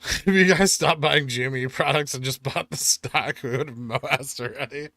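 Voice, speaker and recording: Middle-aged guy streaming, bright voice, dry close mic, jokey and self-deprecating while reading chat. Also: mid-range voice, normal speed, vocal fry, no room sound. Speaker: finance streamer. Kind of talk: casual live-stream chat reading comments.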